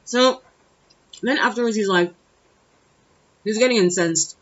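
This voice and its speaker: A woman's voice: medium pitch, a little slow, dull audio. A young woman telling a personal story to camera in a blunt, exasperated, profane way. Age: young adult. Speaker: vlogger. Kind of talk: casual storytime monologue.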